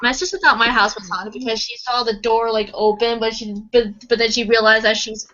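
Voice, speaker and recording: A woman of about twenty in a casual live stream chat, excitable and giggly. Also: fairly high pitch, a little fast, dull audio. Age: 20s. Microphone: online voice call.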